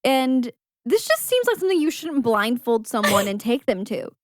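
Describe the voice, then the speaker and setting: A woman's voice: a little high, very animated, moderate pace, no room sound, clean studio sound. A young woman co-hosting a podcast, chatting through a movie's scenes and quoting the characters. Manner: chatty, plays out scenes with quoted lines. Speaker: podcast co-host. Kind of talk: casual movie recap chat.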